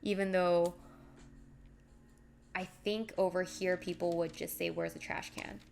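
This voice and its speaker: A woman's voice: on the low side, flat delivery, measured pace, vocal fry, a little mellow. A young woman chatting casually on a live stream while crafting, rambling and reading out viewer messages. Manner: chatty, rambling, reads chat aloud.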